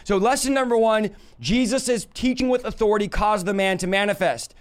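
A man's voice: high-pitched, normal speed. A man preaching a live-stream Bible teaching, emphatic and full of rhetorical questions to his audience.

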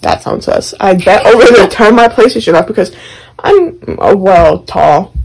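A young woman co-hosting a podcast, telling a story in casual chat, animated and profane, often laughing. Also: medium pitch, normal speed, gravelly, poor audio. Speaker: podcast co-host.

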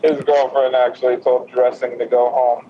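A young man tells a long, crude story to his friends, swearing freely and laughing as he acts out each person's lines. The recording sounds muffled and lo-fi. A steady, heavy hiss of noise runs under his voice. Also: medium pitch, normal speed. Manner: profane, laughing, acts out quotes. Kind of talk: casual storytelling among friends. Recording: lo-fi with loud noise.

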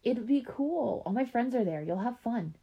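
A woman's voice: lowish voice, unhurried, muffled recording. A woman voicing a bossy, impatient older sister in a read-aloud story, snappy and a little raised.

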